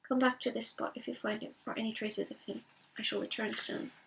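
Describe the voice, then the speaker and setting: A woman voicing Aragorn, a grave, commanding male ranger, speaking in a measured way. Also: fairly high pitch, flat delivery, vocal fry, a bit bright, far from the mic, slight background noise, rough recording. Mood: urgent.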